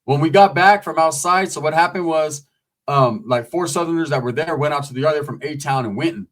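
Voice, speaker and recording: A man's voice: a little high, fairly quick. A man casually telling a long story in streetwise, profane talk, acting out the quotes as he goes. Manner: streetwise, profane, animated retelling with acted quotes. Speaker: storyteller recounting prison life.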